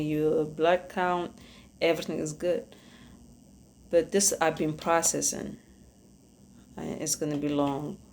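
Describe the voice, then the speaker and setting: A woman with an Ethiopian accent, a podcast host giving earnest personal testimony, halting and searching for words. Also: low voice, creaky, darkish tone, a little hiss or hum.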